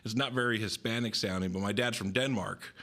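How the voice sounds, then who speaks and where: A man with a Southern Californian accent, a guest in casual chat, telling relaxed stories sprinkled with Spanish slang. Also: on the low side, fairly quick. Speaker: guest, pedal builder.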